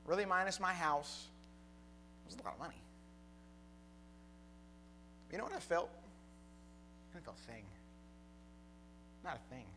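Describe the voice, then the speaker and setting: A young preacher tells a story from the pulpit in a very bright, high voice. His tone is forceful and sharp, and a faint hiss sits under the sound. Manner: storytelling, building to shouted climax. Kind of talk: sermon. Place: church hall with congregation.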